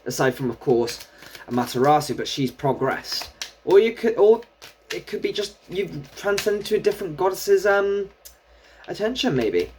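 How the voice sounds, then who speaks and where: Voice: mid-range voice, sing-song, normal speed, a little mellow, slight background noise. Chatty tarot reader. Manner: chatty, thinking aloud while drawing cards. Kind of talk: casual solo tarot reading.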